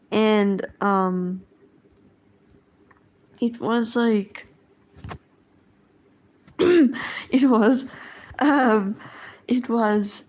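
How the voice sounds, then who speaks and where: A woman's voice: a little high, a little mellow. A woman chatting casually while she draws, rambling along with lots of fillers and trailing thoughts. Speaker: drawing streamer. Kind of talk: casual chat while drawing.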